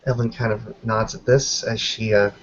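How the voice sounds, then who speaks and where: A man's voice: fairly low pitch, little pitch movement, normal speed. Hesitant man narrating a tabletop game. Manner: hesitant, many fillers and hedges. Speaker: player. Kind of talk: tabletop role-play narration. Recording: dull lo-fi with faint noise.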